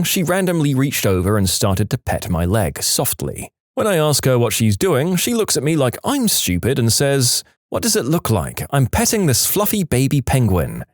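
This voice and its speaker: A man narrates reddit stories aloud in a lively, animated voice. He leaps into the quoted lines with big pitch jumps. The recording is dry and close, with no room sound. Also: no room sound.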